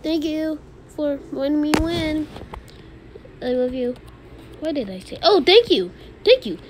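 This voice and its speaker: A woman voicing an excitable Peashooter plant who plays a fighting game, with a squealy, bouncy voice over loud music. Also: high-pitched, measured pace, noisy background, voice pushed up. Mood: excited. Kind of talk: gaming commentary in character.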